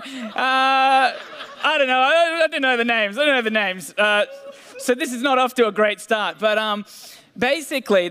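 A man's voice: sits high, a bit bright. A man preaching a sermon in a casual, self-deprecating way, with fillers and restarts. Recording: long hall reverb.

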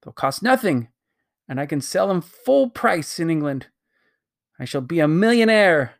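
Storybook figure: a reader playing a pompous, greedy old man past sixty, grandly excited and scheming. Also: on the high side, unhurried, vocal fry, pitched above the performer's own voice, heavily acted. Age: 60s.

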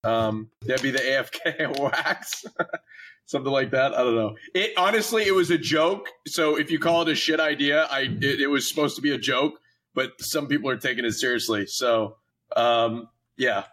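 A man's voice: medium pitch, normal speed, fairly bright tone. A man chatting on a podcast, rambling and hesitant with many restarts. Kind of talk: casual podcast chat.

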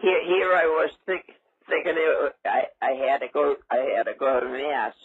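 An older man with a raspy, gravelly voice, rambling in confusion and repeating himself in prank call clips. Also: fairly high pitch, moderate pace, no room sound. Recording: muffled phone line.

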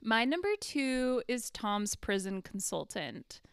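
Chatty woman with a smooth voice. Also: on the high side, slow pace, no echo, studio quality. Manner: animated, lots of fillers and laughs. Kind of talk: casual chat about a TV show.

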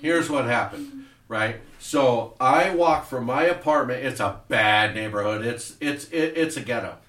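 A man hosting a podcast, telling a profane story in a casual, animated way and acting out voices. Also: mid-range voice, unhurried, roomy sound, distant mic. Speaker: podcast host. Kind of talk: casual storytelling over drinks. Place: podcast studio.

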